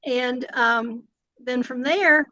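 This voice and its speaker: A woman's voice: high-pitched, extremely slow, bright, forceful tone, dry recording, lo-fi sound. An older woman, a retired agency director answering interview questions earnestly, with many fillers and restarts.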